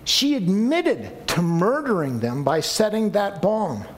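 A man's voice: high-pitched, big pitch swings, slow pace. A man preaching a sermon to a congregation, earnest and pleading at times. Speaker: pastor.

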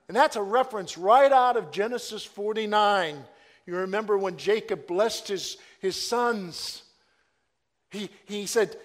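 A man preaching a sermon, swinging between loud proclaiming and hushed, drawn-out asides. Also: high-pitched, in a large hall.

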